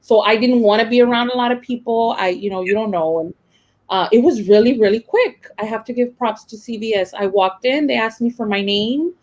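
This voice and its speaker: A woman's voice: a little high, fairly quick, a little mellow, poor audio. A young adult woman teacher, telling a personal story in a rambling, emotional way with many fillers and restarts. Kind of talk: casual personal account.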